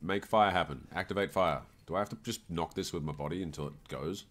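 A man's voice: deep voice, a little fast, fairly bright tone. A man playing a horror game and joking through a running commentary. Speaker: game streamer. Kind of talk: casual gameplay chat.

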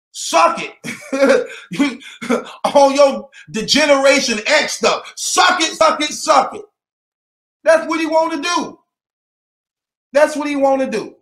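High-voiced man ranting mockingly. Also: a bit bright, roomy sound. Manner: taunting, repetitive, laughs between jabs. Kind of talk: mocking rant to camera.

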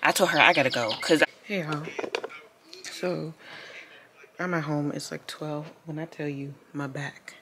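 A woman vlogging on her phone in a casual, animated way, calling her viewers girl, honey and y'all. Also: low voice, a little slow, long pauses. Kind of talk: casual vlog chat. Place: in a car and at home. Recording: loud background noise.

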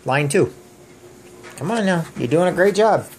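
A man's voice: fairly high pitch, expressive, normal speed, a little hiss or hum. A man, the father, patiently coaching his young daughter through reading words at home, sounding out letters and encouraging her again and again. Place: family home.

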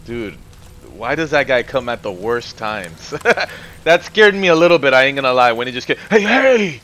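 A male streamer in casual let's-play commentary, excitable, swearing and joking as he plays. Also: medium pitch, moderate pace. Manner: excitable, profane, jokey. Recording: game audio with rain noise behind.

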